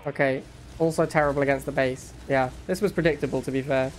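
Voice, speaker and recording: A man's voice: mid-range voice, steady tone, slight background noise. Chatty man commenting on his gameplay. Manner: chatty, quick reactions, laughs at his own jokes. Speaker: gaming streamer.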